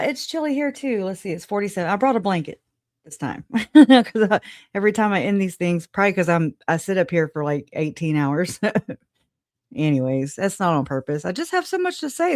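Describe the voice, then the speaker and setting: A woman's voice: fairly low pitch, darkish tone, dry recording, clean studio sound. A woman hosting a casual livestream, greeting viewers by name, chatty and frank, laughing often. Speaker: livestream host.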